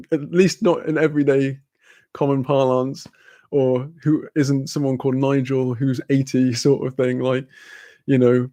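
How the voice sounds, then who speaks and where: A man's voice: medium pitch, flat delivery, a little slow, mellow, no echo. A young British man in casual chat with viewers, rambling, laughing often and swearing offhand. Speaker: streamer chatting with viewers.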